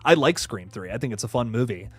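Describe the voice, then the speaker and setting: A man's voice: medium pitch, animated, fast talker, slightly rough, dry recording. A young man hosting a casual horror news livestream who swears freely, laughs often and reads chat aloud.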